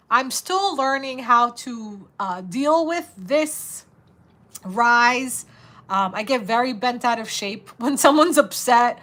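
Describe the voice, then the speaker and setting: A woman in her thirties hosting a live stream, chatting casually, full of "like" fillers and laughter, reading viewer comments, her voice getting a bit raspy. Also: on the high side, animated, slow, a bit bright.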